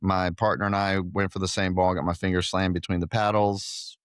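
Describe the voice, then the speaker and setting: A middle-aged man with a very low, deep voice, chatting easily as a podcast guest and poking fun at himself. He grew up in Guatemala. His voice sits close and dry, with no room sound. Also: flat delivery, moderate pace, clear, resonant tone, no room sound. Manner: jokey, self-deprecating storyteller. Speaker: podcast guest, pickleball club owner. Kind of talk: casual interview chat.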